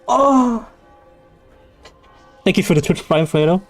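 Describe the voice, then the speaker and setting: This young man, German by first language, speaks slowly in a high voice with lively intonation over soft background music. As a game streamer he rambles through casual chat, joking and laughing often.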